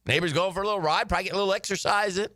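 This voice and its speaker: Man, radio co-host, animated storyteller, bright voice, dry studio sound. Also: sits high, rapid-fire, no echo. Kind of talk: casual storytelling chat.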